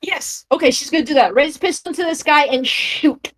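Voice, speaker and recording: A woman's voice: sits high, normal speed, fairly bright tone. A woman playing a tabletop game, bubbly and giggly while deciding her move. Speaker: player. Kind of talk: casual play at a tabletop game.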